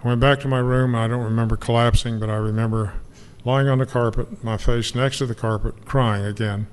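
A man's voice: mid-range voice, fairly even intonation, a little fast, smooth. Older man, earnest testimony in hall. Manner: earnest, emotional, reflective. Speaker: speaker sharing recovery story. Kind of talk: personal testimony to an audience. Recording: long hall reverb, faint noise.

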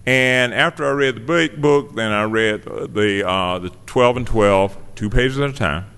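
A man's voice: mid-range voice, a little slow, fairly bright tone, smooth. A man sharing his recovery story with an audience, conversational, wry and self-deprecating. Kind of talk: personal testimony to a live audience. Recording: long reverb of a hall.

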